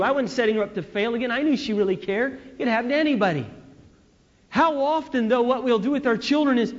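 A man preaching a sermon, telling stories in an animated way that swings from loud to hushed. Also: very high voice, fast talker. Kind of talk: sermon on parenting. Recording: dull lo-fi recording with long hall reverb.

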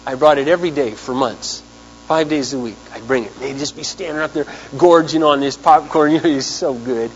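A man preaching a sermon, telling a story in an animated way and acting out the people he quotes. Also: medium pitch, brisk, dull audio. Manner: animated storyteller, acts out quotes, big swings in loudness. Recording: hum with long hall reverb.

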